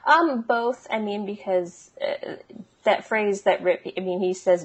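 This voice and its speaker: A woman's voice: mid-range voice, unhurried, breathy edge. A woman co-hosting a podcast, explaining in a casual, chatty way with frequent ums and small laughs. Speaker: podcast co-host. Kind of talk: casual chat.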